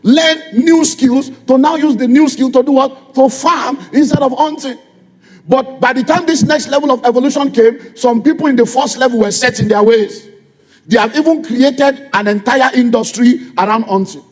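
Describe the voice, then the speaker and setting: Nigerian man, middle-aged pastor, sermon, high voice, husky tone, call-and-response questions. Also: moderate pace. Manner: preaching with repeated rhetorical questions, call and response. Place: church. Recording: long reverb of a church hall.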